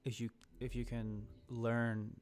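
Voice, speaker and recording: A man's voice: mid-range voice, flat delivery, slow, a little mellow. A young man co-hosting a casual live stream, thinking aloud about code with many fillers and restarts. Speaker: co-host.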